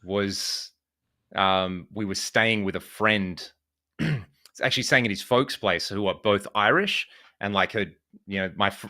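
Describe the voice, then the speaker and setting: Bright-voiced Australian man, chatty guest. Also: fairly low pitch, unhurried. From Western Australia. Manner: rambling and chatty, with many fillers and restarts. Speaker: podcast guest, guitar video creator. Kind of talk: casual chat.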